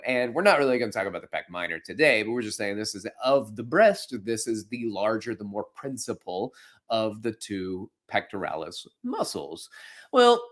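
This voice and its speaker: A man's voice: fairly low pitch, expressive, moderate pace. A man hosting a fitness podcast, explaining anatomy in a casual, playful way with jokey asides. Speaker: podcast host and fitness instructor.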